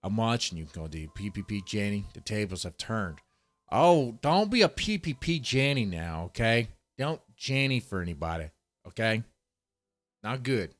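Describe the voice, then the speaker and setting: A man's voice: on the low side, lively intonation, normal speed, soft background music. A man reacting to a video on a live stream, greeting chatters and ranting with heavy swearing. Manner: profane, ranting, mocking. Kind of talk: casual live-stream commentary.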